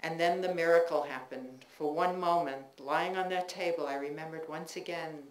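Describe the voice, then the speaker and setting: Memoir reader, woman, wry expressive delivery, lowish voice, roomy bookstore acoustics. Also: moderate pace. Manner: wry, expressive storytelling with warm laughter. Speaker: writer reading her work. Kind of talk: live memoir reading. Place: bookstore reading, indoors. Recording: roomy bookstore with faint noise.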